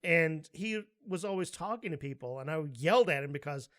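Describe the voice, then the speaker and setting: Guy cohosting a podcast, kinda high voice, laughs a lot, gets loud acting out stories. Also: fairly quick. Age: adult, with a daughter. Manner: animated storyteller, laughs often, acts out quotes loudly. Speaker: podcast co-host. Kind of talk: casual chat.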